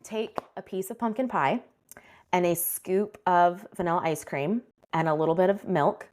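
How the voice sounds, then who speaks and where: A woman's voice: lowish voice, moderate pace, a little mellow, slight background noise. Woman, 30s, podcast co-host, chatty, filler words, casual book chat. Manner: chatty, many ums and likes, laughs often.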